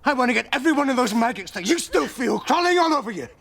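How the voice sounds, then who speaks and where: An actor playing a protective senior detective, hushed and soothing then forceful. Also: male voice, mid-range voice, wildly swooping pitch, a little fast. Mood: soothing, fierce. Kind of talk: TV drama acting.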